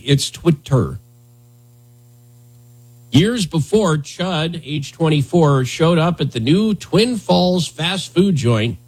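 A man's voice: on the high side, husky. A man in his thirties hosting a podcast in casual comedic chat, sarcastic and rambling with jokey asides. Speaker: podcast host.

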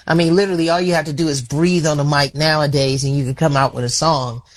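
A man in his forties from Chicago, a singer talking casually in an interview, animated and often restarting his sentences. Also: fairly high pitch, quick pace. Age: 40s. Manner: animated, repeats words when starting sentences. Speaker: singer guest.

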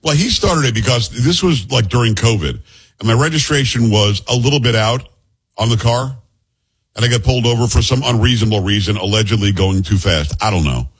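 A man hosts a radio talk show at a rapid clip, his voice a little husky. He rambles from topic to topic and teases his co-host. He talks into a studio microphone. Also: mid-range voice. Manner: jokey, rambling, teasing banter. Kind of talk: casual radio talk and banter.

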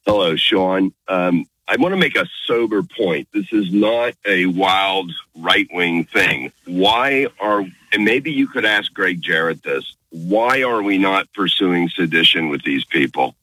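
A man's voice: low-pitched, animated, measured pace, few pauses, sharp tone, no room sound. A man calling in to a radio show, earnest and insistent as he presses his point. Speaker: caller. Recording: phone-line caller audio.

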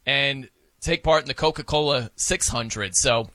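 Bright-voiced man in lively sports talk. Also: mid-range voice, unhurried, no room sound. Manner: animated, laughs, acts out wrestling announcers. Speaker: sports show co-host.

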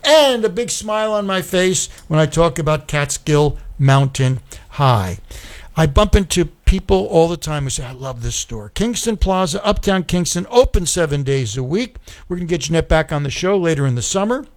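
A man's voice: on the high side, animated, moderate pace. A man hosting a radio talk show, reading sponsor spots in a loose, chatty way with lots of ums and uhs.

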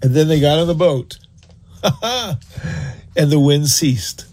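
A man preaching a sermon, telling the story in an animated, earnest way and urging listeners to act on it. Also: fairly high pitch, slow pace. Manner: animated storyteller, acts out scenes; earnest, exhorting.

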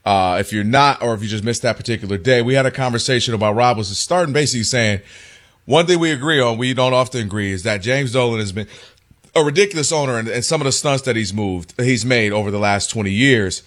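A man with a mid-range voice hosts a casual sports talk show. He tells stories in an animated, conversational manner. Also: mid-range voice, fast talker. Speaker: co-host.

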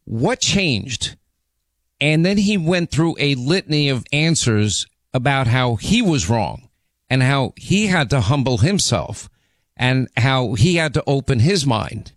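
A man in his sixties hosting a talk radio show, hoarse with laryngitis, talking in a rambling, emphatic way with restarts. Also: medium pitch, big pitch swings, a little slow, no echo. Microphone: studio microphone.

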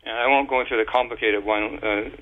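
A man's voice: medium pitch, fairly even intonation. A man explaining at length in a casual, rambling way, stopping and restarting words often, heard over a phone line. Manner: rambling, halting with many restarts and fillers.

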